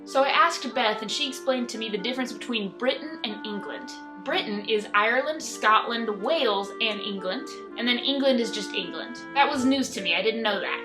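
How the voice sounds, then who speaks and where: A young woman telling travel stories in a chatty, excitable, geeky vlog. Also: fairly high pitch, normal speed, hardly any pauses, music in the background. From United States. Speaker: travel vlogger. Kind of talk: casual storytelling vlog.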